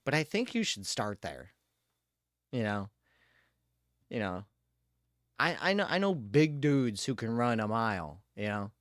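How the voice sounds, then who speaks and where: A man's voice: medium pitch, animated, a bit bright, no echo, studio quality. A man streaming a game live, ranting and swearing in casual chat as he plays. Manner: ranting, swearing, quick laughs. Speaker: livestreamer. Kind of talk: casual gaming livestream chat.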